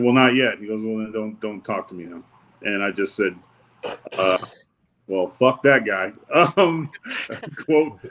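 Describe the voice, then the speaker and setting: A man's voice: fairly low pitch, a bit bright. A man telling stories in a casual interview, loose and rambling, acting out the people he quotes. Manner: loose, rambling, with many fillers and restarts. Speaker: wrestling guest.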